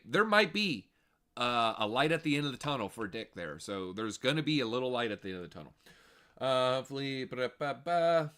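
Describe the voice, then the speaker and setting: A man hosting a casual livestream, talking straight to viewers in an animated, jokey way. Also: mid-range voice. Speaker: crypto livestream host.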